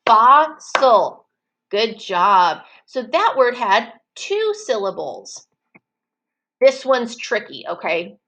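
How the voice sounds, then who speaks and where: A woman teaching preschool children in an online circle time, slow and encouraging, stretching words out so the children can clap the syllables. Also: fairly high pitch, sing-song, poor audio.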